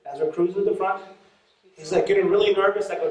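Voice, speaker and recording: A man preaching a testimony to a congregation, animated and laughing as he acts out voices in his story. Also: high voice, very fast. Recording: echoey and distant from mic, audience noise.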